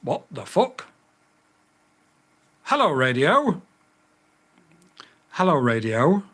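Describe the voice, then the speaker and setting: A man's voice: on the high side, very animated, very slow, a bit bright. A man reviewing a drone radio in a casual vlog, getting exasperated and swearing as he repeats voice commands.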